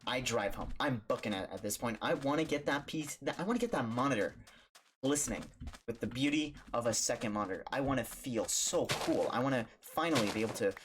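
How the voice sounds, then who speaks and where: A young man, a streamer, telling a story casually and animatedly, putting on high voices for the people in it. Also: expressive, brisk, a little hiss or hum.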